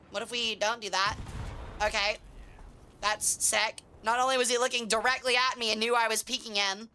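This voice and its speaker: A young woman streaming a tank game, chatting with viewers and swearing excitedly as she plays. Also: a little high. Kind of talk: casual live gameplay commentary.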